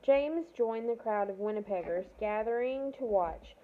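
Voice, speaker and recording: Slightly high-voiced and measured, a woman reads a children's novel aloud with occasional stumbles she corrects. There's a bit of hiss or hum, and the audio is tinny and phone-like.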